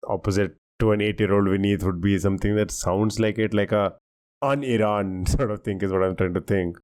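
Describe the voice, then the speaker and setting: Mellow-voiced man chatting on a podcast. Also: fairly low pitch, a little fast. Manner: laughs easily, thinks aloud with restarts. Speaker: podcast co-host answering quiz questions. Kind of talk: casual podcast chat.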